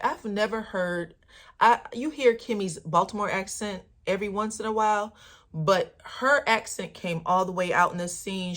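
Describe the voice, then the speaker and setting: Low-voiced sassy woman recapping reality TV. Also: fairly bright tone. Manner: sassy, chatty, addresses viewers as honey and baby. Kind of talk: casual gossipy recap.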